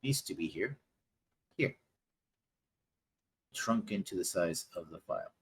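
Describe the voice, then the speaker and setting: A man narrating as game master of a tabletop game, halting and full of fillers. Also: deep voice, sing-song, breathy edge.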